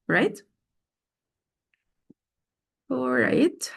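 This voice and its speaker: Woman, mid-pitched, slow and patient teacher trainer on a video call, repeats words for drills. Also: expressive, creaky. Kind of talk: online teacher training session.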